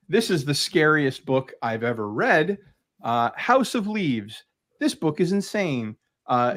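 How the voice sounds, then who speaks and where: A man chatting casually and eagerly about his collection as a guest creator, rambling with lots of fillers. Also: on the high side. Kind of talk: casual video chat.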